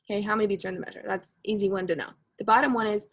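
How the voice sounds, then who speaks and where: A woman's voice: mid-range voice, fairly even intonation, rapid-fire, few pauses, a bit bright, husky. A woman teaching a recorded music lesson, patient and repetitive, correcting her own slips with a laugh at herself. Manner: patient, repeats key points, self-correcting with humor.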